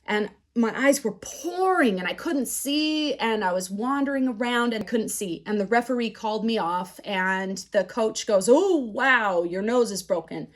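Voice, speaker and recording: A woman teaching a class on resilience, telling personal stories in a candid, animated way. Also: on the high side, moderate pace, hardly any pauses. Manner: candid, animated storytelling with acted quotes. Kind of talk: storytelling lecture.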